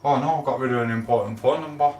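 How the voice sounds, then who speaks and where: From a room at home, a man hosts a casual livestream, chatting and greeting viewers by name. His medium-pitched voice is quick and a little dark, and the room sounds echoey.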